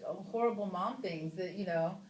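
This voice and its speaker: A lively, low-voiced woman in her thirties chats at a press junket, spinning anecdotes with lots of fillers and sudden high squeals of mock surprise. The room is echoey, with faint noise behind her. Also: normal speed. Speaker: actress interviewed about a film. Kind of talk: casual press junket interview.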